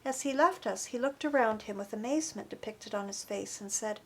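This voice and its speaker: A woman reading an audiobook chapter in an earnest, expressive narration. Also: a little high, a little fast, slight background noise. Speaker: audiobook reader. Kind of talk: scripted narration.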